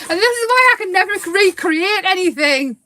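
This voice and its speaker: A woman hosting a casual live craft demo, chatty and quick to giggle as she paints. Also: very high voice, sharp tone, dry recording.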